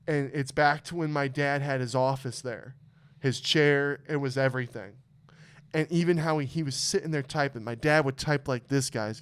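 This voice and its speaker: A man's voice: mid-range voice, smooth. Emotional, swearing young man telling stories. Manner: emotional storytelling, heavy swearing. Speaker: podcast host. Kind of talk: casual podcast chat.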